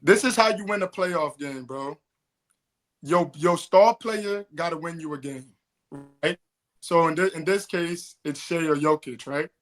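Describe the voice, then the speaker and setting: A man co-hosting a casual sports talk show, explaining playoff basketball in an animated way and calling people "bro". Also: fairly high pitch, unhurried. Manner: animated, says "bro" a lot. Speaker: podcast co-host.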